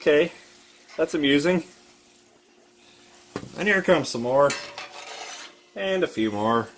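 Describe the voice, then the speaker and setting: A man co-hosting a jokey home cooking demonstration, talking in a deliberately bad fake Irish accent. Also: fairly high pitch, expressive, a bit bright, a little hiss or hum. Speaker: cooking show co-host. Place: home kitchen.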